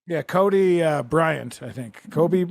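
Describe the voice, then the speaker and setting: A man's voice: a little high, lively intonation, slow, vocal fry, no echo. A man hosting a comedy podcast, joking and rambling in casual banter. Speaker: podcast host.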